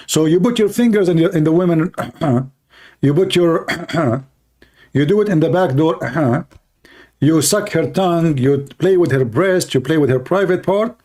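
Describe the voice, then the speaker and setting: A man arguing in a heated livestream debate, challenging listeners in broken, non-standard English and clearing his throat often. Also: fairly high pitch, expressive, measured pace, a little mellow.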